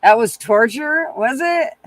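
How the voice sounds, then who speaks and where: A man talks to his live chat in a high, swooping voice that jumps all over the place. He swears constantly and laughs between lines in a rowdy, teasing way. The sound is dry and close, with no room echo. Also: animated, measured pace, a bit bright. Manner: profane, rowdy, laughing often. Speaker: livestream host chatting with viewers. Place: indoors, hot weather, near an RV.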